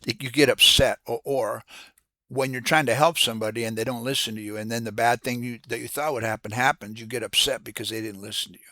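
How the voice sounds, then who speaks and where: Earnest guy talking faith stuff, keeps restarting, bright kinda sharp voice. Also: medium pitch, steady tone, no room sound. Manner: halting, repeats words and restarts often; earnest, preacherly. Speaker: host of a Christian devotional channel. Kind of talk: casual devotional talk.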